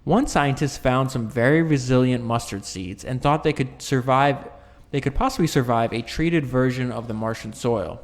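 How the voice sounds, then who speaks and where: A man's voice: mid-range voice, moderate pace. A man reading a nonfiction book aloud, breaking off for casual asides and often stumbling and correcting himself mid-sentence. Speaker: book reader and commentator. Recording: long reverberant room echo.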